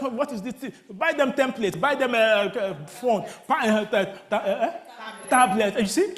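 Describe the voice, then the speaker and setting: A man preaching a sermon in a church, asking the congregation call-and-response questions and rising to near shouts. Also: very high-pitched, lively intonation, moderate pace. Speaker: pastor. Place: church sanctuary.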